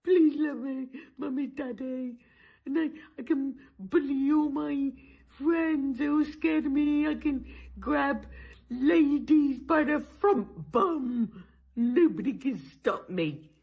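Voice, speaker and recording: A woman voicing a boastful, needy overgrown baby of a man in charge, with a husky, childish babble. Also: high voice, takes it slowly, darkish tone, heavily acted, low-quality recording. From England. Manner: childish babbling, begging and bragging.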